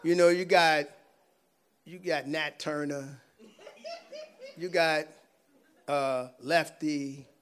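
A man telling a personal faith testimony in a casual, animated way, laughing often and swinging between loud and hushed. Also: a little high, drawn-out words, pauses often. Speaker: guest sharing a personal testimony.

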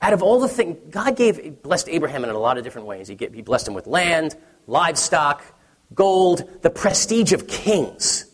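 A man's voice: on the high side, sing-song, moderate pace, long reverb tail. A man, a pastor in his thirties, preaching a sermon in a conversational, story-telling way with many restarts.

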